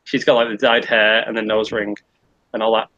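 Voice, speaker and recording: A man's voice: on the low side, level tone, fairly quick, bright, forceful tone, no echo, muffled recording. A man casually telling a rambling, sweary pub anecdote on a podcast. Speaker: podcast co-host. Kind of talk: casual storytelling chat.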